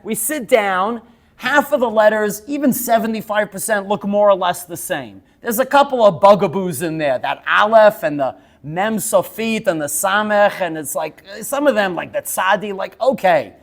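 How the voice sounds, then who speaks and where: Animated man telling stories in a class. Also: high voice, moderate pace, gravelly. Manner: lively storyteller, keeps asking "yes?"; laughs while telling stories. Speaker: teacher. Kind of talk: lecture to students.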